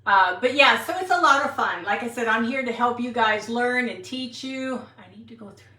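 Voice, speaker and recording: Bright-voiced woman in her sixties, roomy. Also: a little high, moderate pace. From Wisconsin, USA. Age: 60s. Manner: chatty, rambling, answers viewer comments. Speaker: craft livestream host. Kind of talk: casual craft livestream chat. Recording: roomy, mic at a distance.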